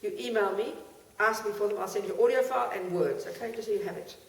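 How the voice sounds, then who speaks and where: A woman's voice: mid-range voice, fast. A woman teaching Buddhist practice, chanting mantras and explaining them in a blunt, chatty way. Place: teaching hall with an audience. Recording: roomy, distant mic, crowd in the room.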